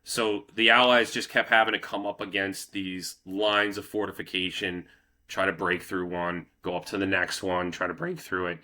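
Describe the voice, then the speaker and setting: A man hosting a casual history podcast, telling the story in a loose, profane, animated way. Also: deep voice, normal speed. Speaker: podcast host.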